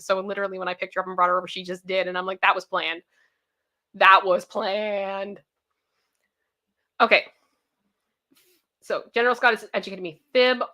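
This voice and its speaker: A young woman hosts a casual livestream, chatting and repeating herself as she thanks viewers by name. Her voice is medium-pitched with a sharp tone.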